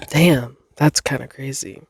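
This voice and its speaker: A woman's voice: extremely low pitch, slow pace, a little mellow, husky, no room sound, studio quality. A woman in her twenties hosting a podcast, chatting alone in a rambling, self-deprecating way, swearing and laughing often. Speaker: podcast host. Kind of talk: casual solo chat.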